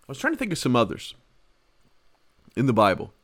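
Male pastor-host, mid-pitched, emphatic teaching read, dry close sound. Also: wildly swooping pitch, brisk, dry recording. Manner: emphatic, repeats key words, swings between loud and soft. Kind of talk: conversational Bible teaching.

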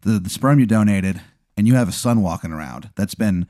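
A man's voice: lowish voice, expressive, brisk, dark tone, no echo, clean studio sound. A man improvising as game master, rambling through the story with fillers and laughs. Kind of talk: improvised tabletop narration.

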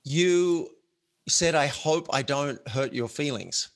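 A man's voice: on the high side, expressive, slow. A man hosting a casual conversation, talking in an earnest, reflective way and explaining ideas with simple analogies. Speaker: author and show host.

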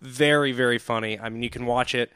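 A man's voice: mid-range voice, fairly even intonation, a little fast, bright, forceful tone, smooth, no echo. A man co-hosting a podcast, chatting casually and frankly about TV shows and recommending them with enthusiasm. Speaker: podcast co-host. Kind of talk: casual chat reviewing TV and film.

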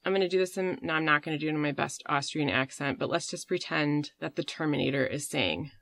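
Rambling low-voiced woman podcast host. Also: fast talker, creaky, fairly bright tone. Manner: rambling, swearing, many fillers. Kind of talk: casual storytelling chat.

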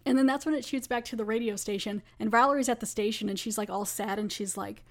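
A woman's voice: mid-range voice, steady tone, fast, hardly any pauses. A woman podcast host casually recapping a TV episode in a chatty way, with lots of "like".

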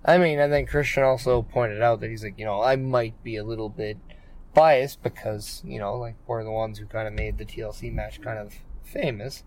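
A man's voice: fairly low pitch, fairly even intonation, normal speed, darkish tone. A man co-hosting a casual wrestling podcast, rambling with many fillers and restarts. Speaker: podcast co-host.

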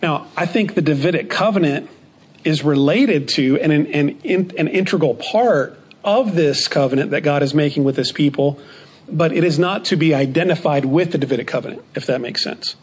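A man teaching a Bible study lesson in a measured way, repeating key phrases for emphasis. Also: fairly high pitch, slightly rough.

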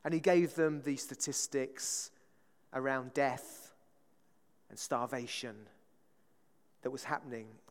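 A man preaching a conversational sermon, often checking in with the congregation with a quick "right?". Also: mid-range voice, big-room sound.

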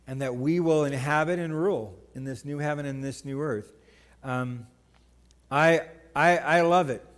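A man's voice: mid-range voice, in a large hall. A man preaching a sermon as pastor, conversational and joking, telling stories to the congregation. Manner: conversational, joking, animated storytelling. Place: church sanctuary.

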